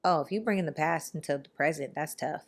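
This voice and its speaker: A woman hosting a podcast in casual chat, telling stories in an animated, rambling way with quick asides. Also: sits low. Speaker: podcast host.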